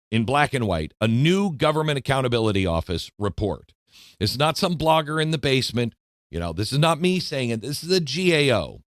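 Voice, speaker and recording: Emphatic male host with lively pitch. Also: no room sound, studio quality. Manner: emphatic, indignant, sarcastic, with dramatic slowdowns. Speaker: talk show host. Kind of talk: political commentary monologue.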